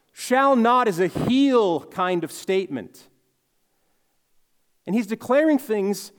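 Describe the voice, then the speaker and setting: A man's voice: sits high, big-room sound. A man preaching a sermon in an earnest, reflective way, leaning hard on key words. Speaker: pastor.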